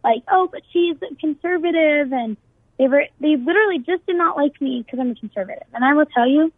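Young woman, a talk-show guest on a tinny phone line, telling her story earnestly, a bit high-voiced. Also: fast talker, no echo. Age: young adult. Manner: earnest storytelling with many fillers and restarts. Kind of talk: personal account on a talk show.

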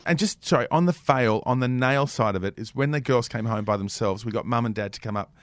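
A man's voice: mid-range voice, a little fast, dry recording. Laid-back Australian man telling stories. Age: middle-aged. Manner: laid-back anecdotal storytelling, laughing. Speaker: radio co-host. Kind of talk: casual radio chat.

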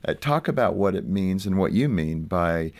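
A man's voice: low voice, lively intonation, moderate pace. A man hosting a conversation, asking his guests questions and laughing along. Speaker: radio host. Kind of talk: interview conversation.

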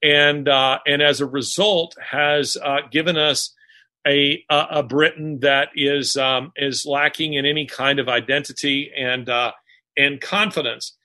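A man, an author being interviewed, talking in a halting way with many pauses and restarts. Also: on the high side, fairly even intonation, bright, forceful tone. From Alabama, US. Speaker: author guest. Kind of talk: casual interview conversation.

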